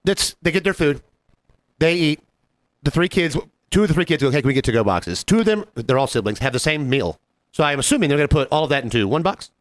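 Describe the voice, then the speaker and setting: A man's voice: on the high side, quick pace, no echo. A man co-hosting a podcast, telling a work story in casual chat, acting out the other people in it and swearing freely. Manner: animated, acts out quoted voices. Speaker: podcast co-host.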